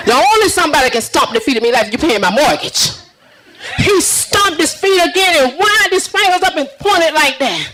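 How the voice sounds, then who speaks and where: A woman doing a stand-up routine, sassy and teasing the crowd with drawn-out punchlines. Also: very high-pitched, expressive, pushed and bright, slight background noise, rough recording. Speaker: stand-up comedian.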